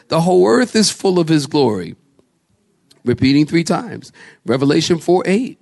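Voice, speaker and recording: A man preaching a sermon as pastor, quizzing his congregation and swinging from slow, low scripture readings to raised emphatic lines. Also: big pitch swings, vocal fry, a little mellow. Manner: preaching with call-and-response questions to the congregation; slows and drops low for scripture names, rises high for emphasis.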